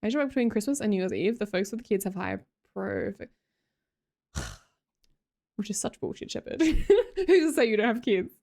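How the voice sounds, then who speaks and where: Lively, chatty Australian woman streamer. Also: mid-range voice, a little fast, creaky, pauses often. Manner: chatty, laughs often, reads chat aloud. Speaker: live streamer. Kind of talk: casual chat with viewers.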